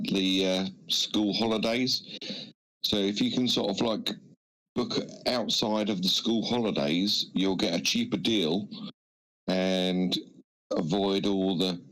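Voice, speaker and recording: Slow-talking Englishman with a low voice. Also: a bit bright, low-quality recording. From England. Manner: slow, hesitant, clears throat often. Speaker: regular on a live stream. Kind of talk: casual chat.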